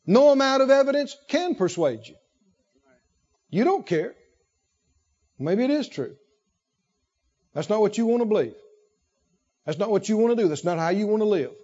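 Animated high-voiced male preacher. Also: moderate pace, pauses often, dull audio. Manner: animated preaching, rhythmic repetition. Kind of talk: sermon.

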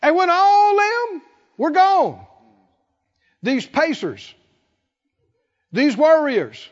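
A man preaching a sermon, acting out the people in the story and swinging from quiet talk to shouting. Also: extremely high pitch, big pitch swings, very slow. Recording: dull lo-fi sound with long hall reverb.

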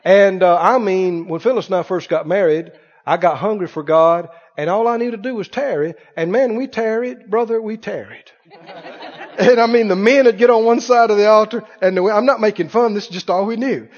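A man preaching a sermon, telling a story from his own life in an animated way and laughing as he tells it. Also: high voice, normal speed. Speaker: pastor. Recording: dull sound with long hall reverb.

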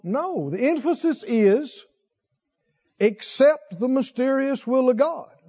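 A man's voice: expressive, warm tone, breathy edge, lo-fi sound. A man preaching a sermon, reading scripture and questioning his congregation as he goes. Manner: slow, questions the congregation, rises in pitch when stressing points.

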